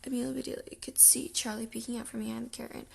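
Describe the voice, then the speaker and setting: A woman reading a children's chapter book aloud in a soft, half-whispered way, her voice gravelly and rough from the early morning. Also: fairly high pitch, level tone, fast. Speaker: audiobook reader.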